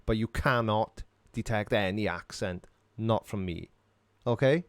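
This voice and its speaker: A man's voice: lowish voice, measured pace, no room sound. A middle-aged man, casually answering viewers' questions on a live stream in a dry, sarcastic way. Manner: dry, sarcastic, self-mocking.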